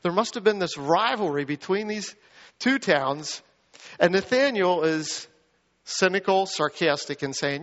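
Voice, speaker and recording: A man preaching a sermon, animated, acting out the quoted lines in a rising voice. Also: high-pitched, measured pace, long reverb tail, highs cut off. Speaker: pastor.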